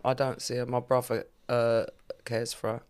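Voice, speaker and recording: A woman's voice: extremely low pitch, flat delivery, moderate pace, darkish tone, clear, resonant tone. A woman comedian talking candidly as a guest in a podcast interview, with a frank, earthy sense of humour.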